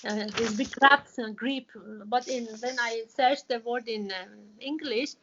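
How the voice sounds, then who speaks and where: A woman's voice: fairly high pitch, measured pace, muffled recording, background noise. A woman who teaches an online Quran class and explains patiently, with many fillers and restarts.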